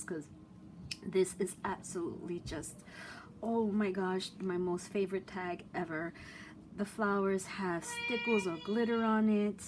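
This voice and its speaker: A woman vlogging at home as she opens craft mail, gushing with excitement and gasping at each item. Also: mid-range voice, background noise. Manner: gushing, excited, frequent gasps and exclamations. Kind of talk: casual unboxing chat. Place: room at home with the door closed.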